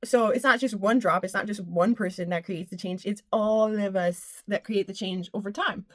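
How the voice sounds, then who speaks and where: A woman's voice: medium pitch, steady tone, moderate pace, fairly bright tone, dry recording. A woman giving a casual spiritual pep talk. She is exuberant, laughs often and strings her phrases into rhythmic lists. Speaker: spiritual channel and motivational speaker.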